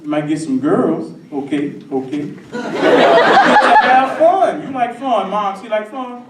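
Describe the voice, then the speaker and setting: A young man playing a pushy male football coach who gives a loud, wheedling recruiting pitch. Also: huge pitch swings, a little slow, heavy background noise, exaggerated voice. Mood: persuading. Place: theatre stage. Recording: roomy stage sound from a distant mic.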